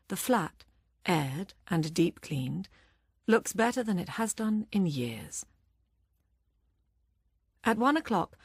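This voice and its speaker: Woman audiobook narrator, lowish voice, even pacing, dead-dry studio sound. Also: vocal fry, husky, no room sound.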